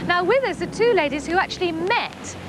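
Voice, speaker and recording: A woman's voice: extremely high pitch, lively intonation, a little fast. A woman presenting live TV coverage outdoors, asking guests friendly questions. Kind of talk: live broadcast interview. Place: outdoors on location. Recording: outdoor noise.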